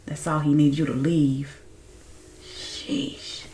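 A woman with a fairly low voice reacting to a movie. She is loud and outspoken, laughs often, and talks straight to her viewers. Her voice rings in an echoey room. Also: level tone, slow pace. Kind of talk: casual reaction commentary to viewers.

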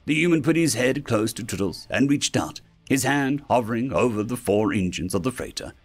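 Guy reading a sci-fi story, lively up and down delivery, faint music underneath. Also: mid-range voice, a little fast, slightly rough. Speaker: story narrator. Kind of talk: scripted sci-fi story narration.

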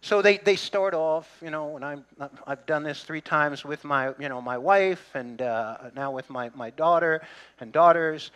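A middle-aged male pastor delivers a sermon in a friendly, conversational way, breaking off for jokes and asides to the people in front of him. His voice sits a little high and has a bright, sharp edge. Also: unhurried, clean tone. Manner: conversational preaching with humor and asides to the congregation.

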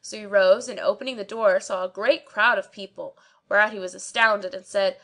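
A woman's voice: mid-range voice, steady tone, pushed and bright. Woman narrating an old tale. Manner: measured storytelling with archaic diction. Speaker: audiobook narrator. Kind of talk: scripted narration.

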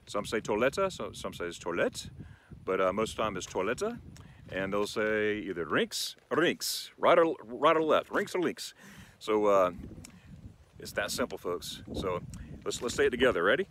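A man hosting a casual vlog lesson on ordering food in German, talking in a playful, enthusiastic way and slowing down for the German phrases. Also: lowish voice, animated, a bit bright. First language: English. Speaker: channel host teaching German phrases.

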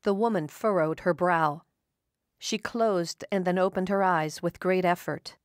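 A woman reading an audiobook with measured, even narration. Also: fairly low pitch, no echo, studio quality. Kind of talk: scripted narration.

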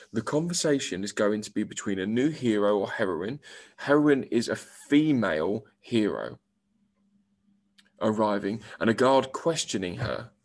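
A male primary school teacher giving a recorded English lesson, explaining step by step and reading example lines aloud. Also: lowish voice.

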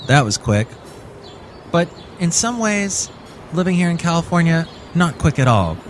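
Male comedy podcast host, higher voice, mock-announcer style, faint traffic behind. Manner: playful, mock-announcer delivery. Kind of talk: zany comedy podcast hosting. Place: Northern California.

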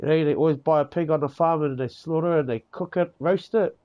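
A man's voice: on the high side, brisk, muffled recording. A man from New Zealand with a New Zealand accent, chatting casually in a game's voice chat, rambling, swearing freely and tagging on "eh" and "bro". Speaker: gamer in voice chat.

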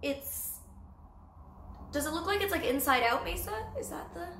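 Casual vlogger, Canadian woman, 20s; high, bright and chatty; echoey room recording. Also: expressive, moderate pace, slight background noise. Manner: bubbly, chatty, fashion-loving, many "like" fillers. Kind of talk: casual chat.

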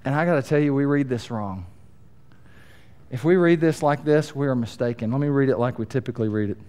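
A middle-aged male pastor preaching a sermon in an animated, joking way, swinging between quiet asides and booming emphasis. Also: brisk, clean tone.

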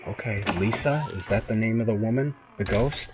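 A man's voice: on the low side, normal speed, slight background noise. A young man commenting on a horror game, frightened and swearing as he talks to himself. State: shaking with fear. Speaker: gamer.

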